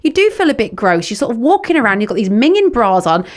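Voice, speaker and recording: A woman's voice: on the high side, very animated, fast talker. A woman in her thirties with a Midlands accent, a podcast guest talking frankly and self-mockingly, laughing easily, in a studio. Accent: English Midlands. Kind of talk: frank casual chat.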